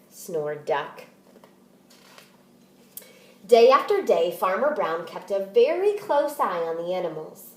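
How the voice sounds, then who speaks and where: A woman teacher reading a picture book aloud and explaining it, in a deliberate, expressive manner. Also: fairly low pitch, echoey room.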